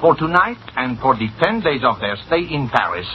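An actor playing a volatile, scheming cafe manager in 1940s radio acting, theatrical and quick to hurl insults. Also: male voice, medium pitch, sing-song, natural voice. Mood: smooth scheming. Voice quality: explosive shouted insults. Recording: muffled old radio broadcast, faint hiss.

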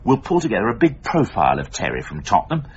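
An actor playing a pompous, smooth-talking newspaper editor in a radio sitcom. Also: male voice, lowish voice, wildly swooping pitch, quick pace, slight background noise. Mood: scheming. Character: scheming, pompous middle-aged male newspaper editor. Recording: dull lo-fi radio recording.

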